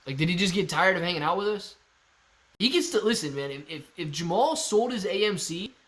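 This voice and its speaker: A man's voice: fairly high pitch, fairly bright tone. A young man hosting a casual live stream, reading chat aloud and answering viewers in a loose, jokey way. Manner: laid-back, jokey, calls viewers dude and man. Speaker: livestream host reading chat. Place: storage-style room at home. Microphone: phone used as camera.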